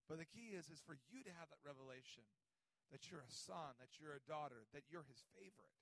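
A man preaching a sermon, telling a personal story in an animated, conversational way and acting out the voices in it. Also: a little high, brisk, vocal fry, no echo, low-quality recording.

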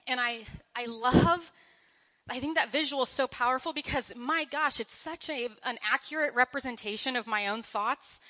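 Middle-aged woman leading a casual Bible study, bright and lively, acts out quotes, slightly muffled recording. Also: sits high, normal speed. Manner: chatty, animated, laughs often, acts out quotes. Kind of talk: casual church talk to a group.

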